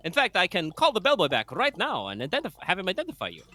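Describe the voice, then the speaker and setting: A man's voice: sits high, huge pitch swings, fast, bright, forceful tone, pitched above the performer's own voice, full character voice. A man doing a smug courtroom lawyer. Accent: put-on Spanish accent. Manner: cocky, pithy courtroom grilling. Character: smug sharp male lawyer.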